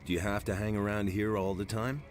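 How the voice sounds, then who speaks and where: A man's voice: fairly low pitch, level tone, fairly quick, over music, close to an everyday voice. A man voicing a terse adventurer hero. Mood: matter-of-fact. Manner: plain, matter-of-fact reporting. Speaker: game protagonist.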